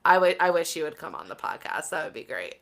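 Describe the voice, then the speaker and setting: A woman from New Jersey co-hosting a live podcast, chatty and quick to laugh. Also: low-pitched, sing-song, vocal fry, fairly bright tone. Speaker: podcast co-host. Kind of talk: casual live podcast chat.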